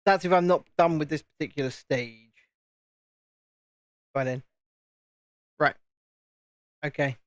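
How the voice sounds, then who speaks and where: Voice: medium pitch, slow, long pauses, no echo, clean studio sound. A speaker with a Southern English home counties accent, hosting a live stream and chatting casually while building, often repeating words. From England, home counties. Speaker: livestream host.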